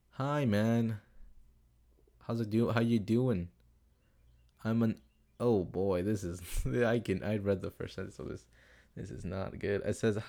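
Recorded on a desktop computer setup in a home room where street noise comes through the window, a young man hosts a laid-back advice podcast. His voice is lowish and dark with vocal fry, lively intonation, a measured pace and frequent pauses, and he rambles, curses and drifts off topic while reading listener questions.

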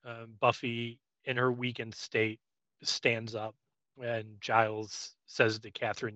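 A man's voice: medium pitch, completely flat delivery, slow, sharp tone, dry recording, muffled recording. A man casually recapping a TV episode scene by scene as a podcast co-host, with frequent ums. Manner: frequent "um"s, loose paraphrase of scenes.

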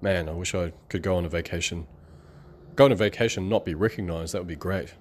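A man's voice: low-pitched, fast. A man doing a sighing, weary tycoon. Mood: wistful. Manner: wistful, sighing. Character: weary ultra-rich businessman wishing for free time.

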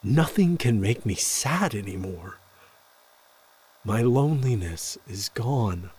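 Man doing a cheerful creepy lonely guy, chirpy, doting, low husky voice, spoken storybook. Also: expressive, slow pace, darkish tone, heavily acted.

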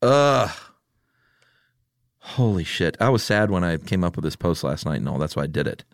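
A man's voice: deep voice, sing-song, normal speed, gravelly, no echo, studio quality. A man co-hosting a podcast in casual chat, dryly joking as he reads out listener submissions. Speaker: podcast co-host.

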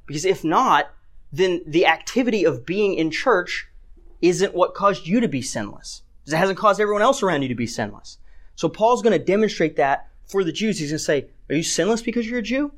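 A man's voice: on the high side, a bit bright. A man preaching a sermon in a conversational way, often checking in with "right?" and reading scripture aloud with rising emphasis. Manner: conversational, keeps asking "right?". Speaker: pastor.

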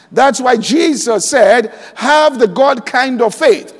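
Man, pastor, very high voice, long hall reverb, deliberate sermon delivery. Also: very animated. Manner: preaching slowly and deliberately, quoting scripture aloud; checks in with the congregation often. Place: large church hall.

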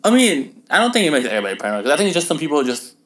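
Young male podcast co-host, quick loose delivery, lots of swearing and laughter. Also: fairly high pitch, sing-song, a bit bright. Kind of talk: casual chat.

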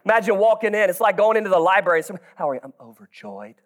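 A man in his thirties preaching a sermon with energy, breaking into shouts and joking asides to the congregation. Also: high voice, rapid-fire.

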